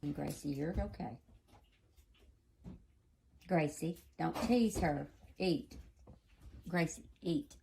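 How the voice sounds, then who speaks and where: A woman's voice: low voice, slow pace, creaky, long pauses, mellow, a little hiss or hum. A woman talking to her dogs in a coaxing, scolding, sing-song way. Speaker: pet owner filming her dogs. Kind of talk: casual talk to dogs.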